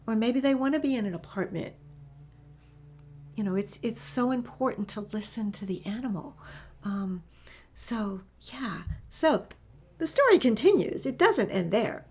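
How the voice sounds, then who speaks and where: A woman's voice: on the high side, a little mellow. A woman working as an animal communicator, telling a story to camera in a chatty way, with frequent fillers and restarts.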